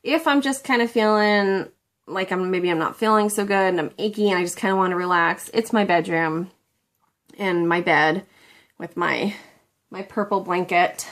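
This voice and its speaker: A woman's voice: lowish voice, moderate pace, a bit bright. A middle-aged woman chatting casually to the camera at home, rambling and a little self-deprecating. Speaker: beauty vlogger.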